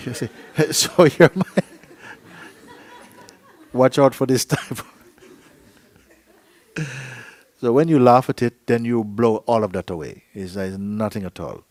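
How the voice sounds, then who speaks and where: A man's voice: mid-range voice, slow, long pauses, darkish tone, no echo. Man, spiritual teacher, playful, laughs often, acts out dialogue, dry close sound. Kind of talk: satsang talk. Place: meeting hall.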